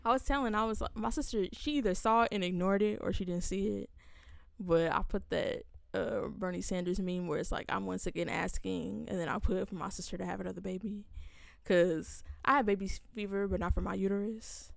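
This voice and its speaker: A young woman in her twenties co-hosting a podcast, chatting playfully with quick jokes and bursts of laughter. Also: medium pitch, fairly even intonation, vocal fry, no room sound, studio quality. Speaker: podcast co-host. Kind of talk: casual chat.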